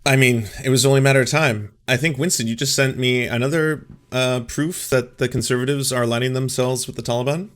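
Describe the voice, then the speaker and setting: A man's voice: medium pitch, fairly even intonation, fairly quick, few pauses, a bit bright. A man hosting a casual political commentary chat, joking and rambling with restarts. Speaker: host.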